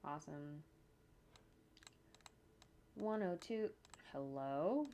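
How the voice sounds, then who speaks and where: A woman with a lowish voice narrates her animation work casually as she goes. She thinks aloud, tosses in jokey asides and hums to herself. Faint typing and mouse clicks sit behind her. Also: lively intonation, very slow, dark tone, a little hiss or hum. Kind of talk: casual narration while working on screen. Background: faint computer keyboard typing and clicks.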